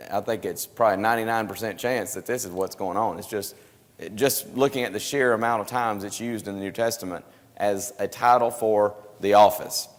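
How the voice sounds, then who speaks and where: Man teaching a church Bible class. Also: lowish voice. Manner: conversational, explanatory, with many restarts. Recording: live stream with hall reverb.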